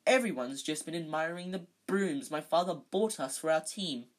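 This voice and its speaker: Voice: mid-range voice, expressive, normal speed, natural voice. A reader doing a smug sneering schoolboy wizard. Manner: smooth and sneering.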